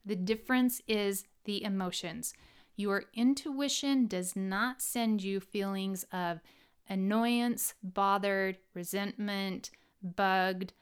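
A woman hosting a reflective personal monologue on self-help, animated and drawing out key words for emphasis. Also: mid-range voice, slow, clean tone.

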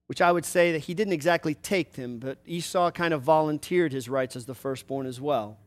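A man's voice: fairly high pitch, moderate pace, hardly any pauses. A man preaching a sermon, retelling a story with conversational, explanatory asides.

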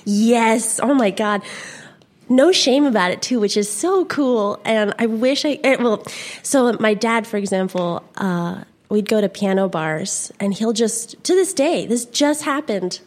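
A woman's voice: fairly high pitch, animated, unhurried. A young woman from California, a guest in a casual conversation, rambling with many fillers and frequent giggles.

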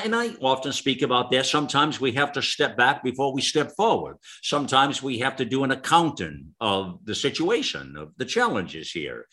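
A man's voice: medium pitch, pushed and bright. A middle-aged man hosting a talk radio show, speaking in an earnest, rambling way full of restarts and fillers.

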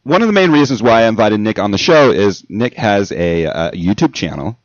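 A man's voice: on the low side, animated, moderate pace, no room sound, highs cut off. A man hosting a casual podcast chat, laid-back and laughing often. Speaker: podcast host.

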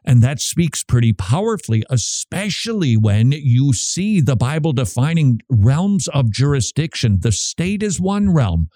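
Animated man from Minnesota teaching. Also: medium pitch, a little slow, hardly any pauses, dry recording. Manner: conversational, asks and answers his own questions. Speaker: podcast host. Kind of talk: casual Bible teaching talk.

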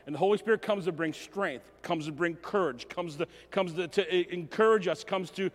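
A man preaches a sermon with a rather high-pitched voice, emotional and animated, often stumbling and restarting his sentences. His voice rings with long reverb through a church hall. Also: fairly quick. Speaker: pastor.

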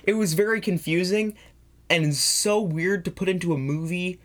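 A teenager hosting a casual movie-review podcast, talking excitedly and acting out scenes. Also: mid-range voice, normal speed. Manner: animated, acts out scenes with voices. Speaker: podcast host.

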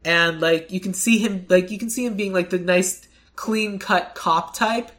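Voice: medium pitch, unhurried, a bit bright. A podcast co-host in casual chat, rambling with lots of fillers and acting out quoted lines.

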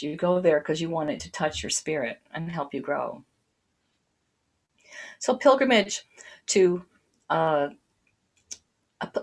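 A woman reading lyrical prose and then talking casually and enthusiastically about Celtic spirituality. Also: lowish voice. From United States. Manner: unhurried, enthusiastic and storytelling.

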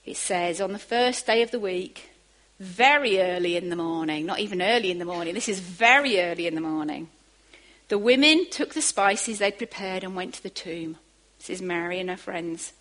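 Animated woman preaching a sermon. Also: on the low side, normal speed, low-quality recording. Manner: animated, rising to emphatic bursts.

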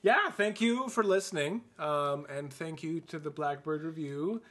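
Bright-voiced man bantering on a podcast. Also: on the high side, measured pace. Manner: joking, playful banter. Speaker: podcast co-host. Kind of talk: casual chat.

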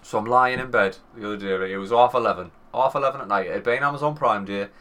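A man in his thirties with a Northern English accent, co-hosting a podcast and telling a swearing, animated anecdote with quoted voices. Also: fairly low pitch, fast talker. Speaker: podcast co-host. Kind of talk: casual storytelling chat.

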